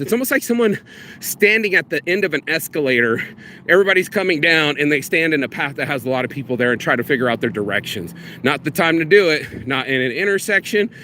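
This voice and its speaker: A man's voice: fairly high pitch, sharp tone, a little hiss or hum. A man vlogging outdoors in a park, ranting bluntly and profanely in a casual monologue.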